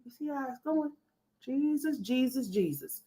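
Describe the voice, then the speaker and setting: A woman's voice: high voice, animated, unhurried, mellow. Brash, profane woman commentator. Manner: brash, profane, rambling, talks straight to viewers. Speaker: commentary host. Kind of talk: livestream gossip commentary.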